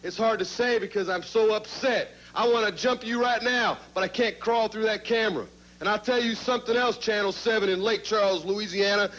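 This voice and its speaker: A man with a high voice cuts a wrestling promo. He taunts his opponent with sarcastic bluster. The sound is the muffled audio of an old TV recording. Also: a little fast, fairly bright tone.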